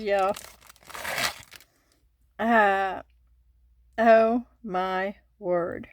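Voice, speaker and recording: A woman's voice: lowish voice, takes it slowly, pauses often, no room sound. An older woman with a Southern US accent, hosting a casual craft unboxing and chatting to her viewers with frequent giggles. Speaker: craft channel host.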